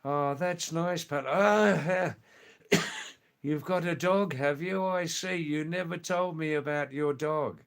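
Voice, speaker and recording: A man with an accent sitting between British and Australian English hosts a live stream. He talks slowly and hesitantly, often repeating himself as he answers viewer comments. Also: a little high, smooth. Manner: slow, hesitant, repeats phrases.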